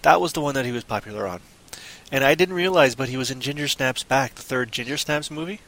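A man's voice: mid-range voice, fast, a bit bright. A man hosting a podcast in casual, rambling, jokey chat. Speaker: podcast host.

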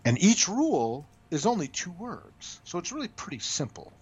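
A comic book writer tells stories in a casual interview, his high, slightly rough voice very animated at a moderate pace. He talks with energy, often restarting and stammering out repeats. The audio is dull and lo-fi.

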